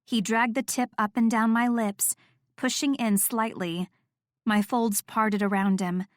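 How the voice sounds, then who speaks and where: A woman reading first-person audiobook narration with steady, intimate storytelling. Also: fairly high pitch, a little slow, no room sound, clean studio sound.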